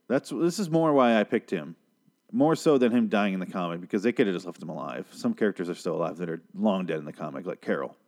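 A man's voice: on the low side, a little mellow. A young man casually recapping a TV episode in a rambling, profane, sarcastic way. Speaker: TV show reviewer.

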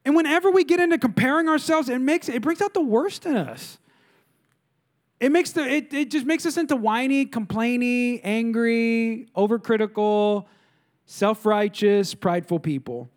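A man's voice: very high-pitched, normal speed. A man in his thirties preaching a sermon as a pastor, emphatic, repeating key lines and asking the audience questions.

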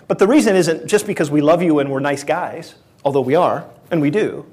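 A man's voice: on the high side, fairly quick, a little mellow, breathy edge. A man preaching a sermon as pastor, earnest and emphatic, often correcting himself mid-sentence.

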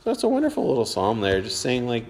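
A man leading a casual Bible class in a church hall, talking in a loose, rambling way full of fillers. His voice sits at an ordinary middle pitch and carries a long reverberant tail from the hall around him. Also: wildly swooping pitch, fast talker, a little mellow, slight background noise. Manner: chatty, rambling, with many fillers. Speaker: church teacher. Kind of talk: informal Bible class talk.

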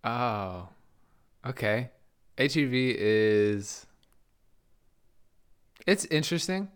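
A man's voice: medium pitch, expressive, drawn-out words, clear, resonant tone. A young man telling a work story in casual chat, slangy and laughing often. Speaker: podcast guest.

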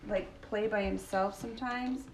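A woman's voice: medium pitch, steady tone, a little hiss or hum. Chatty grandmother in an echoey room. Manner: chatty, quick to agree and chime in. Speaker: podcast co-host, grandmother. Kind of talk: casual chat.

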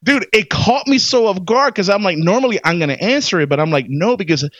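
Brief: animated man co-hosting a casual podcast, higher voice, dry and slightly muffled recording. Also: fast, no echo. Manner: animated, laughs often. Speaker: co-host. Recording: dull, dry lo-fi audio.

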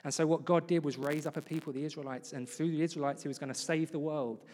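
A man's voice: fairly high pitch, fairly even intonation, fast talker, a little mellow. Preacher, man, chatty sermon with acted-out quotes, long church echo. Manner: conversational, acts out quoted voices. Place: church hall.

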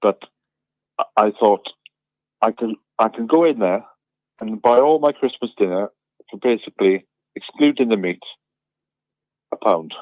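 A man's voice: lowish voice, expressive, unhurried, pauses often, no room sound. Jokey man on a tinny phone line. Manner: chatty, jokey storyteller. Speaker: radio show regular on a phone line. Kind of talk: casual radio chat.

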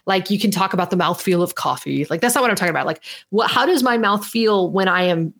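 A woman's voice: mid-range voice, expressive, quick pace, creaky, fairly bright tone. A woman guest, a singer, talking enthusiastically in a casual chat with many fillers.

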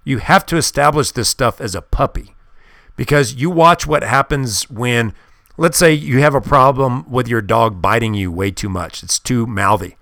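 A man's voice: mid-range voice, normal speed, a bit bright, no echo, studio quality. A man hosting a podcast, talking in an emphatic and insistent way as he gives advice on dog training. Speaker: podcast host. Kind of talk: casual monologue.

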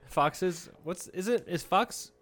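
A man's voice: sits high, slow pace, a crowd in the background. Laughing, profane young man telling stories. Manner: profane, laughing storyteller, acts out quotes. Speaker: podcast co-host. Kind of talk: casual comedy podcast chat.

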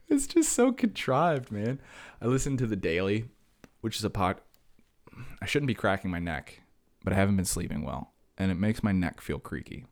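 Fast rambling sarcastic man, dry sound. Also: low voice, no echo. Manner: fast, rambling and sarcastic, jumping between tangents. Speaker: podcast host. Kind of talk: solo podcast rant.

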